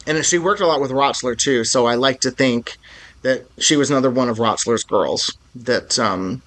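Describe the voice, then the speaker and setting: A man with a mid-range, fairly bright voice co-hosts a film podcast at a moderate pace. His casual chat about movies is enthusiastic and rambling, and he often restarts his sentences.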